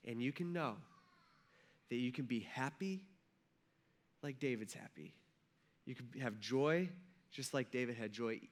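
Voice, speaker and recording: A male pastor giving a conversational sermon in a church, acting out quotes with rising intensity. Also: mid-range voice. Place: church sanctuary.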